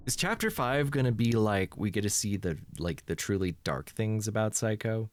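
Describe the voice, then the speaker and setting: A man's voice: lowish voice, animated, moderate pace, few pauses. Congested man with dry, sardonic humor. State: congested sinuses. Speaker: let's play host. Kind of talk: horror game commentary.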